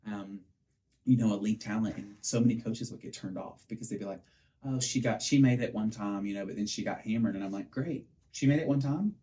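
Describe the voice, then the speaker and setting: Guy cohosting a podcast, kinda low voice, gets real animated telling stories. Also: a little fast. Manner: animated storyteller, acts out quotes. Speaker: podcast co-host, pitching coach. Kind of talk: casual chat.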